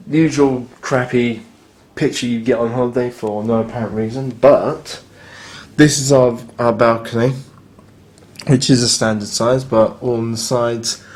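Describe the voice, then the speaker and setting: A man with an ordinary mid-range, slightly mellow voice narrates a hotel review while filming on a handheld camera in the room. He's blunt and a bit sarcastic, casually grumbling about broken fittings.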